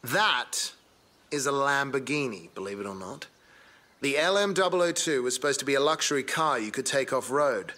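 A man's voice: medium pitch, expressive, moderate pace, sharp tone, slight background noise. An actor playing an eager male car-hunting sidekick with an Australian accent, an awed and chatty car enthusiast in video game dialogue. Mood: excited.

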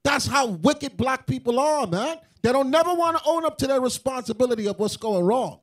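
High-voiced man preaching emphatically. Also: expressive, fairly quick. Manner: emphatic, rising to shouts. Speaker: teacher in a religious group. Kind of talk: preaching to a room.

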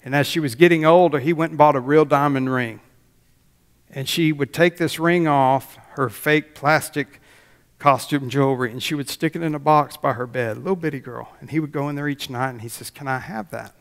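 A man's voice: a little high, normal speed. A man preaching a folksy sermon as pastor, telling a story and closing in prayer. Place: church sanctuary. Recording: long church reverb.

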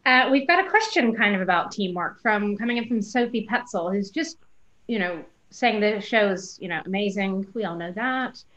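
A woman's voice: mid-range voice, expressive, moderate pace, fairly bright tone, highs cut off. A woman moderating a panel, reading out audience questions in an upbeat way.

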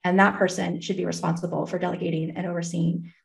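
A woman's voice: fairly low pitch, flat delivery, quick pace, vocal fry. A middle-aged woman, a hiring consultant, explaining things energetically as a guest in an interview. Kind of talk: interview conversation.

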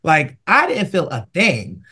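A woman hosting a podcast, telling stories in casual chat and acting out quotes with big jumps in pitch. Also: wildly swooping pitch, unhurried, pushed and bright. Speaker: podcast host.

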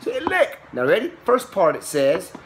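A man reading a picture book aloud to a young child in a playful, exclaiming way, slowing on the quoted lines and ending with a short Bible lesson. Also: wildly swooping pitch, creaky, noisy background. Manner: playful, exclaiming, with sudden high squeals and slow drawn-out quoted lines; turns preachy when giving a Bible lesson. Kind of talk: animated read-aloud storytime.

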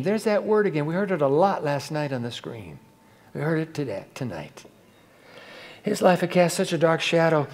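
A male pastor telling a sermon story to a live audience, dramatic and swinging from hushed to loud, with rhetorical questions. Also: fairly high pitch, long reverb tail.

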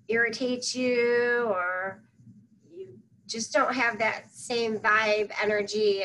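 A woman guides a meditation at a very slow, unhurried pace, her voice set a little high and kept soft and soothing. She leaves long pauses between phrases. A faint hiss of noise sits under the recording. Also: poor audio.

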